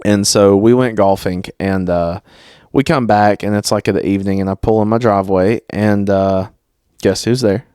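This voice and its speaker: A young man co-hosting a casual podcast, telling stories in an animated, profane way. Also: fairly low pitch, normal speed, clean tone, no echo, clean studio sound. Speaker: podcast co-host. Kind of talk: casual chat.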